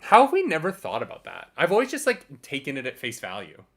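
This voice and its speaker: Animated, bright-voiced book club co-host. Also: mid-range voice, fast talker. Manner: animated and swears casually. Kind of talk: casual livestream chat.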